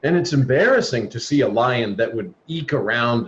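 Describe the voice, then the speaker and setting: A man's voice: mid-range voice, lively intonation, normal speed, few pauses. A man leading a spiritual talk over a video call, speaking earnestly and exhorting his listeners. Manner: earnest, exhorting, acts out quoted voices. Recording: dull lo-fi video call audio with faint noise.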